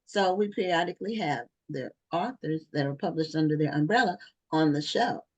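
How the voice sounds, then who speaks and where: A woman's voice: sits low, animated, moderate pace. A woman hosting an interview show, asking questions in a friendly, inquisitive way and affirming answers often. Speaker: talk show host. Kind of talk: interview conversation.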